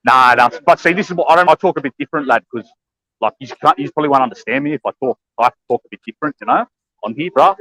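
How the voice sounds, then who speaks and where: Fast-talking Australian man. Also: mid-range voice, expressive, bright, forceful tone, rough recording. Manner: rapid, laid-back, full of lad and bro. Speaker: guest caller. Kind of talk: casual chat.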